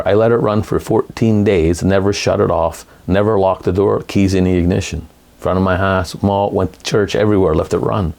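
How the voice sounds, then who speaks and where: A man's voice: on the low side, creaky. A middle-aged man giving a casual, rambling talk on Catholic faith, often correcting himself as he goes. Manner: rambling, animated, self-correcting. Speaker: lay Catholic speaker.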